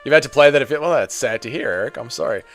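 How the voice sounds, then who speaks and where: A man's voice: mid-range voice, animated, racing, a bit bright, faint music behind. A young man hosting a live fight watch-along, chatting casually and joking while answering the chat. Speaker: host.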